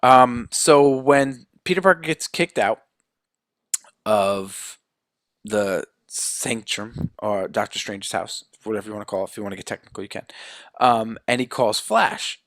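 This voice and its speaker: A young man co-hosting a podcast, casually recapping a film plot and slipping into quick quoted voices for the characters. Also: on the low side, a bit bright, no echo, studio quality. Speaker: podcast co-host.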